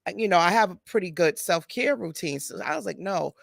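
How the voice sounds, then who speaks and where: A woman in her forties hosting a podcast, chatting in a relaxed way with frequent fillers. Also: fairly low pitch, brisk, creaky, dry recording, clean studio sound. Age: 40s. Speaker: podcast host. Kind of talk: casual conversational interview.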